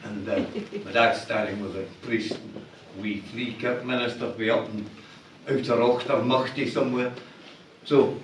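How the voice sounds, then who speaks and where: A man's voice: medium pitch, fairly even intonation, moderate pace, noisy background. An older man with a Scottish accent giving an after-dinner speech, telling jokes and switching voices for the punchlines. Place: large function hall. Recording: echoey hall from far off.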